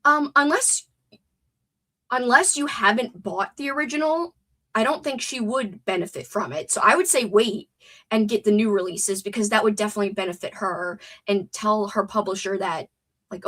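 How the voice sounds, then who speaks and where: A woman's voice: medium pitch, moderate pace, bright, forceful tone. A young adult woman with a stuffed-up nose, hosting a chatty, wordy livestream and reading out chat comments. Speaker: livestream host.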